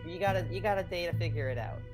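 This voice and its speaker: A player in a tabletop game who chats casually in a wry, deadpan way. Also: mid-range voice, racing, over music.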